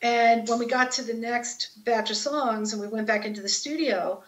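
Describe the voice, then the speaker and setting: A woman guitarist, a guest in an interview, chats casually and tells stories with lots of fillers and restarts. Her voice is fairly high with fairly even intonation at a moderate pace, and the recording sounds dull and lo-fi.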